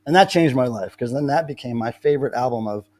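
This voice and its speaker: A man's voice: medium pitch, quick pace, a little mellow. A man hosting a casual live stream, telling rambling stories with many restarts. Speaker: livestream host.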